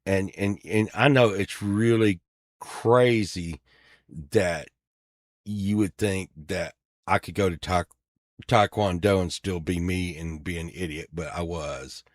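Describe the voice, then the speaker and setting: A man's voice: low-pitched, steady tone, slow pace, no room sound, studio quality. A middle-aged man telling a rambling, profane personal story, full of fillers and restarts. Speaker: storyteller on a podcast. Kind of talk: casual storytelling.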